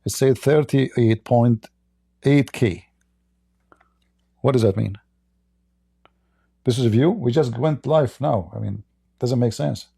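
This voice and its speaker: A man hosting a livestream debate, talking casually in a slow, halting, mocking way. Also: medium pitch, vocal fry, warm tone, slightly rough, no room sound, studio quality.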